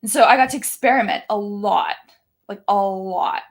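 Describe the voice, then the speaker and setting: Chatty woman with a gravelly edge. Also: medium pitch, normal speed. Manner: chatty, heavy use of "like" fillers, animated. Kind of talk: casual storytelling.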